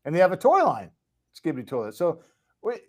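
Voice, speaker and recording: A man hosting a casual podcast who rambles along, restarting sentences and padding them with fillers. His delivery is relaxed and unscripted. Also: a little high, fast talker. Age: parent of children. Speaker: podcast host. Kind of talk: casual chat.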